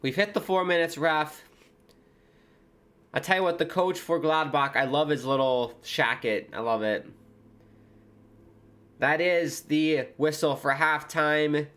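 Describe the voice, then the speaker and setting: A man's voice: on the high side, fairly even intonation, unhurried, pauses often, fairly bright tone. Chatty American man calling a match live. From United States. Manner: chatty and rambling, jumping between match calls and tangents. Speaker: livestream host. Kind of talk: casual football watchalong commentary.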